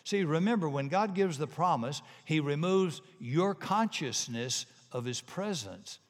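A man's voice: a little high, unhurried. A man preaching a sermon in a folksy, punchy way, telling jokes and little stories. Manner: folksy, punchy, animated storytelling. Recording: long hall reverb.

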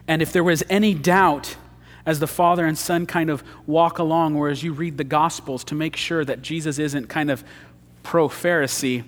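A man preaches with a slightly raised voice, pressing hard on key points and then dropping to a near hush. His voice rings out with a long reverb, as if from a large church hall. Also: fairly high pitch, normal speed. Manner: dramatic swings from loud emphasis to hushed intensity. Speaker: pastor. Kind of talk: sermon.

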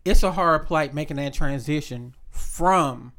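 A man's voice: on the high side, measured pace, a bit bright. A man, chatting casually and telling stories bluntly and emphatically, with quoted voices. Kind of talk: casual chat.

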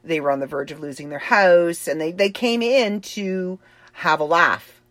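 A woman livestreamer telling a story in a slow, earnest way, with many fillers and restarts. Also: lowish voice, a bit bright, no room sound. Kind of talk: casual storytelling.

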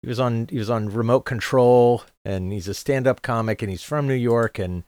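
A man co-hosting a casual podcast, halting and searching for words, with casual swearing. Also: mid-range voice, a little mellow, smooth, dry recording, clean studio sound. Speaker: podcast co-host. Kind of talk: casual chat.

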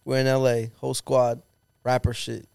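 A man's voice: medium pitch, monotone, moderate pace, vocal fry, a little mellow, smooth, no room sound. A man telling stories in a casual, profane, slang-heavy chat as a podcast co-host.

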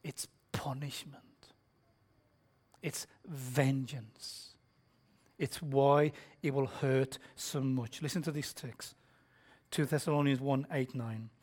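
Delivering a sermon slowly in a mid-range voice with fairly even intonation, a man confronts his listeners bluntly, questioning them while alternating between whispered lines and shouting.

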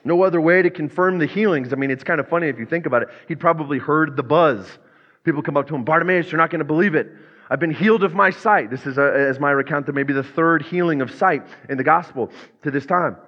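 A man's voice: on the high side, quick pace. A man preaching a sermon as pastor, earnest, now and then acting out quoted voices. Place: church sanctuary. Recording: muffled sound with long church reverb.

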